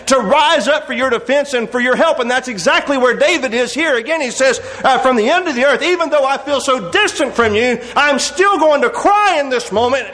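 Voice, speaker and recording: A man preaching an earnest sermon, reading old-fashioned scripture verses and moving between soft, slow passages and raised, pleading appeals. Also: very high-pitched.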